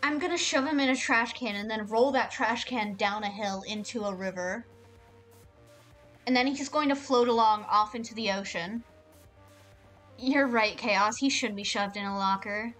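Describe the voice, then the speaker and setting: A woman streaming a game live, chatting in an excitable, rambling way and swearing a lot. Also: mid-range voice.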